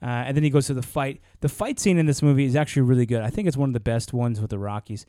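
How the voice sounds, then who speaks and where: A man's voice: medium pitch, racing, warm tone, dry recording, studio quality. A man co-hosting a podcast, chatting enthusiastically in a rambling way. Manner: rambling, many fillers and restarts, enthusiastic. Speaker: podcast co-host. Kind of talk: casual chat.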